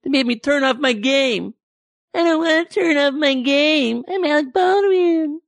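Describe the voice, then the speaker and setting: Comedian playing a shrill spoiled man-baby, whiny, dry sound. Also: a little slow, creaky, no echo, exaggerated voice. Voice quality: high, whining, babyish.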